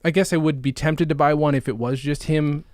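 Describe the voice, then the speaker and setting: A man's voice: fairly quick, dry recording, studio quality. A man in his thirties co-hosting a comedy podcast, joking around in casual banter and laughing often. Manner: animated, giggly, riffs into silly high voices. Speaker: podcast co-host.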